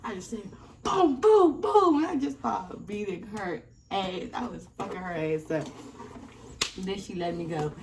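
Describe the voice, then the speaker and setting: Animated young woman telling a story. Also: lowish voice, moderate pace. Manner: animated, acts out quoted people. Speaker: vlogger. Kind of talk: casual storytime. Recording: slightly distant mic, faint noise.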